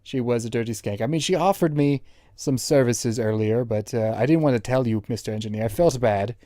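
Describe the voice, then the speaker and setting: A man's voice: medium pitch, fairly quick, warm tone, no echo, studio quality. A young man giving rambling, crude running commentary while playing a game, mocking the characters with joking insults. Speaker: gameplay commentator.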